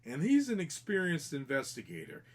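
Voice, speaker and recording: Speaking at normal speed, a man with a slightly high voice whose pitch swoops wildly tells a podcast story about meeting a ghost during an investigation. He's earnest and detailed in this casual storytelling, often starting sentences over.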